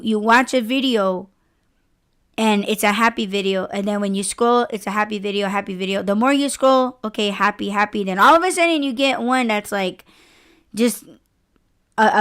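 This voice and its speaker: A woman hosting a podcast, talking in a rambling, profane, animated way in casual chat. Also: mid-range voice, moderate pace, clean tone. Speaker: podcast host.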